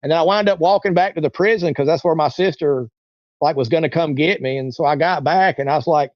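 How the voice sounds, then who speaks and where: Quick-paced and on the high side, an interview guest rambles through a long personal story, repeating himself and acting out the people he quotes in casual talk. The muffled recording has no room sound.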